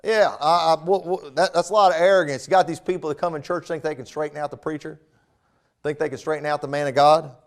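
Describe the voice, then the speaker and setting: Preaching man, higher voice. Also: fairly even intonation, fast talker. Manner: conversational preaching with repetitions and asides. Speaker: pastor. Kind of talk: sermon. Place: church.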